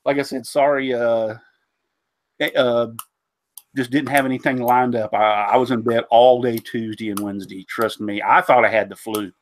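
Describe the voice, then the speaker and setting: A man's voice: mid-range voice, steady tone, moderate pace. A man, congested from a cold, hosting a casual woodworking live stream with a rambling manner, lots of fillers and tripping over names. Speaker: host of a woodworking live show.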